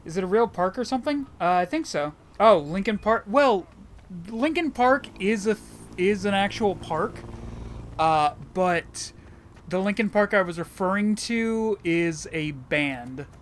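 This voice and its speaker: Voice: mid-range voice, expressive, a little slow, slight background noise. A streamer giving casual gameplay commentary, rambling, joking and swearing.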